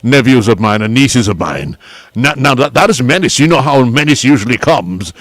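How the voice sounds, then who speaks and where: A man's voice: mid-range voice, very animated, normal speed, no room sound. A man with an Antiguan accent hosting a radio show, chatting casually and reading out lunch specials with relish. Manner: chatty, chuckling, savoring the food aloud. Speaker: radio host.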